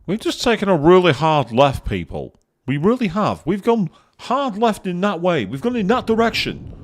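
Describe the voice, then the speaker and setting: A man's voice: sits high, sing-song, moderate pace, a little hiss or hum. A man giving casual live commentary on a video game, chatting to viewers and swearing now and then. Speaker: let's play streamer.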